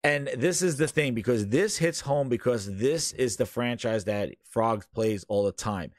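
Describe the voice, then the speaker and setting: A man co-hosting a casual gaming podcast, ranting in an animated way and often talking over his co-host. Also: mid-range voice, measured pace, no room sound, studio quality.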